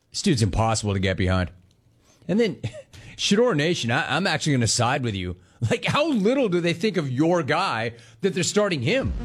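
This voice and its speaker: A man hosting sports talk, ranting sarcastically and mocking the people he talks about. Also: sits high. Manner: sarcastic, mocking, swings between shouting and mimicry. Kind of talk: sports talk radio rant.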